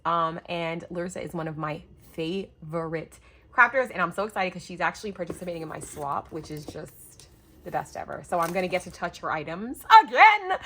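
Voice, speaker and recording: A young woman from the United States chats her way through opening a package from a fellow crafter. Her voice is bright and high and swings widely in pitch. She is gushing and overwhelmed, close to tears. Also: unhurried. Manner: gushing, talkative, breathless bursts of excitement. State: emotional, near tears. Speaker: craft YouTuber. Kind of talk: excited unboxing vlog.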